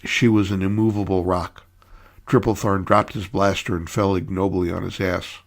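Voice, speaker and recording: A man narrating a short story in a measured storytelling way. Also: sits low, little pitch movement.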